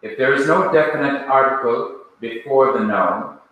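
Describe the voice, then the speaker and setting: A man with a Jamaican accent teaching a language class in a classroom, speaking deliberately and quizzing his students with questions. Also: mid-range voice, a bit bright. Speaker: Bible teacher. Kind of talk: classroom lecture. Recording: echoey room, mic far off.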